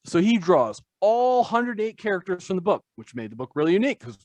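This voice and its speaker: A man's voice: on the high side, sing-song, brisk, hardly any pauses, dry recording. A man, a tattoo artist guest on a podcast, talking casually in a rambling, self-deprecating way full of fillers.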